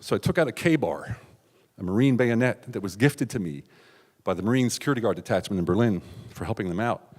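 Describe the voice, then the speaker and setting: A middle-aged man from the United States telling a raw, confessional personal story on stage, with sudden loud outbursts and hushed asides. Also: fairly low pitch, lively intonation, brisk. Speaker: keynote speaker. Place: large hall on stage. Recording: stage talk with long hall reverb.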